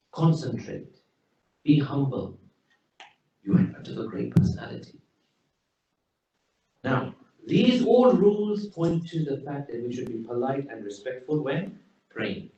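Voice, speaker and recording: A man's voice: mid-range voice, very animated, unhurried, mellow. A man preaching a sermon in a mosque, telling stories emphatically and quoting Arabic phrases. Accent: British English. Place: mosque hall. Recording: very echoey, distant, dull hall recording.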